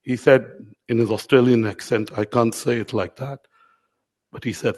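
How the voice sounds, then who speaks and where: A man's voice: mid-range voice, fairly even intonation, normal speed, a little mellow, poor audio. A middle-aged man giving an informal keynote speech to award winners, telling anecdotes and calling on audience members by name. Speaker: media company owner addressing award winners. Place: event hall.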